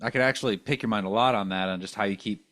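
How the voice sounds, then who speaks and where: A man hosting a podcast, asking questions in a relaxed, easygoing way. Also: lowish voice, fast, no room sound. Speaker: podcast host. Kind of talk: casual interview.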